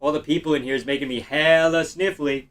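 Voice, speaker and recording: A man's voice: on the high side, steady tone, fairly quick, a bit bright, dry recording. Man from Canada reading stream chat. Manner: reads viewer comments aloud and answers offhandedly, swearing casually. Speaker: live streamer.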